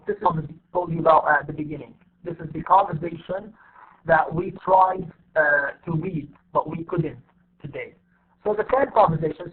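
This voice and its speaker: Heard over a tinny line, a male English teacher with a high voice lectures in an online class. A native Arabic speaker, he repeats himself often and breaks things down step by step, filling gaps with fillers.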